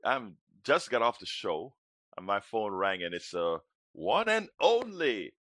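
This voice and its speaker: Guy hosting a political talk show, bright forceful voice, dry sound, keeps restarting his sentences. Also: fairly low pitch, measured pace, no echo. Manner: energetic, repeats words when starting sentences.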